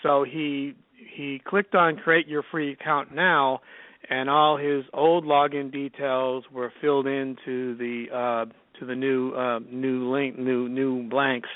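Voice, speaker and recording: A man's voice: mid-range voice, dry recording. A man calling in with a question, speaking hesitantly with many fillers and self-corrections, heard over a tinny, dry phone line. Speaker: caller.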